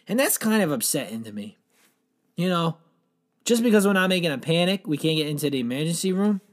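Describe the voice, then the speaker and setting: Man, slightly high pitch, rambling, deadpan, absurd comedy monologue. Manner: rambling, deadpan, swearing, acts out panicked quotes. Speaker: comedic storyteller.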